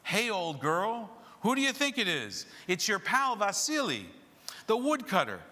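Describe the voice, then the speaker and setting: A man's voice: high voice, huge pitch swings, a little slow, pitched above the performer's own voice, full character voice. A man playing a hearty, crude woodcutter, Vasily. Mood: boisterous. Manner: boisterous, coaxing, loud. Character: hearty crude male woodcutter, rabbi in disguise. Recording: reverberant sanctuary recording.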